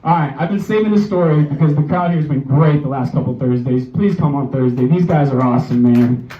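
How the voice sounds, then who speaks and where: A stand-up comedian in his twenties performs on a small bar stage, telling a profane story loosely and laughing at his own jokes. His voice is on the high side, a little fast and dark in tone. The live club recording is roomy, distant and dull, with crowd reactions.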